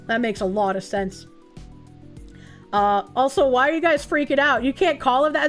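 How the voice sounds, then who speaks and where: Loud, sweary woman streamer with a Boston accent; high, very animated voice, faint music bed. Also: a little slow. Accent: Boston area. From New England. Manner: loud, swearing, bursts into high laughing shrieks. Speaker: streamer reading chat. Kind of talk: casual stream chat.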